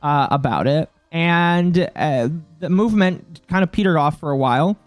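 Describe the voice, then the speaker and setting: A man's voice: fairly high pitch, animated, moderate pace, dry recording, faint music behind. A man co-hosting a live stream, giving blunt opinions and swearing casually. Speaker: streamer co-host.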